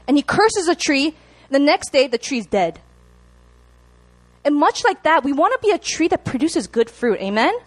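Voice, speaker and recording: A young woman preaching a sermon to a congregation, chatty and animated, often checking in with the room. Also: high voice, normal speed. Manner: animated, chatty, laughs at herself, asks the room to respond.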